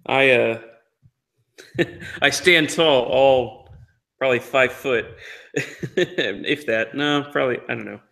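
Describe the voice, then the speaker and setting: A man's voice: medium pitch, slow, creaky, long pauses, fairly bright tone. A man taking part as a player in a tabletop game, laughing and hesitant. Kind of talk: casual tabletop game play.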